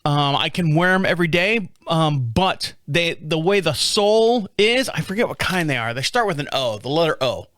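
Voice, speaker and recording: A man's voice: fairly high pitch, lively intonation, moderate pace, hardly any pauses, a bit bright, dry recording, studio quality. A man in his fifties with an American accent, hosting a casual solo chat show, rambling with restarts and swearing. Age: 50s. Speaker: podcast host.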